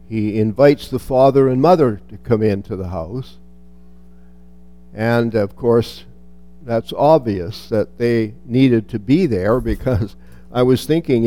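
A man's voice: medium pitch, dark tone. A man reading a Bible passage aloud and then commenting on it in a reflective teaching style, with restarts and touches of dry humor.

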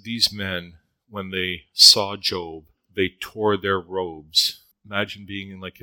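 A man's voice: sits low, sharp tone, no echo, poor audio. A man teaching a sermon on a Bible passage in a conversational way, weaving in personal stories. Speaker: preacher.

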